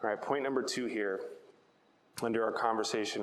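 A man's voice: medium pitch, fast, reverberant, big-room sound, slight background noise, rough recording. A man preaching a sermon, telling a personal story in a chatty way and often asking "right?". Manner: conversational storytelling, repeats words, asks "right?". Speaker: pastor.

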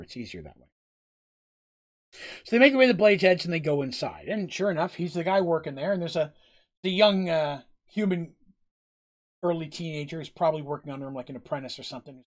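Male game master, casual rambling narration, slightly high voice. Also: expressive, quick pace. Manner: casual, rambling, self-correcting.

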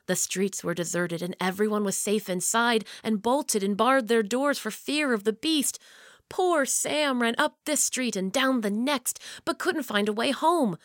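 A woman reading a children's story aloud, expressive and dropping low and quiet for the tense parts. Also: measured pace, no room sound, studio quality.

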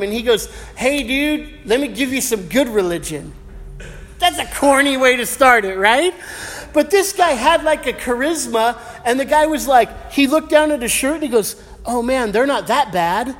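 A middle-aged male pastor preaching an evening sermon, praying and then telling a personal story in a casual, slangy way. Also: high voice. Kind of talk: sermon with prayer and personal anecdote. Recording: long hall reverb.

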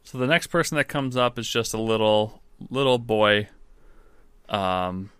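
A man's voice: on the low side, unhurried, a bit bright, smooth, no room sound. A man narrating as game master in a casual, wry way.

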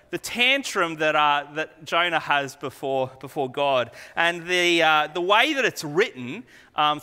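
A man's voice: a little high, bright, forceful tone, long reverb tail. A man preaching a sermon, reading scripture expressively and then explaining it to the congregation with frequent fillers. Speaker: pastor.

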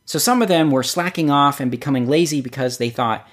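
A man's voice: medium pitch, a little fast, hardly any pauses. A man preaching a sermon, telling stories and acting out the quotes he gives. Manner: storytelling, acts out quotes with lively shifts. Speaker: pastor.

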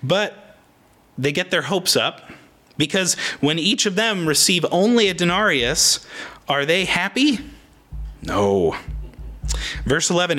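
A man in his thirties preaching, his voice bright and fairly high for a man. He talks in an animated, conversational way, often slipping into little voices for the people in the story. His pitch swings widely as he goes. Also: measured pace, pauses often. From Oregon, United States. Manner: animated, acts out voices in quotes. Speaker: pastor. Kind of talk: sermon.

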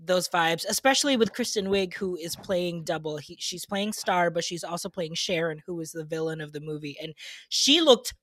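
A woman with a bright, forward voice hosts a podcast, talking bubbly and loose, laughing easily and filling her talk with likes. The recording is dry and close. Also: on the low side, animated, moderate pace, no echo. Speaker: podcast host. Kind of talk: casual pop-culture chat.

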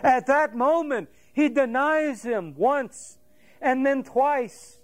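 Middle-aged pastor guy preaching, really high voice, acts out the story and the rooster crowing. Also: takes it slowly. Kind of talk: sermon.

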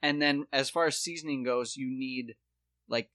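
A man with a bright, forceful voice hosts a podcast, wandering through loose, profane stories full of "like" and "uh." The sound is dry and close to the mic, with no room around him. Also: medium pitch, normal speed, no echo. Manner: rambling, profane storytelling. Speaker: podcast host. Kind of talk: casual chat.

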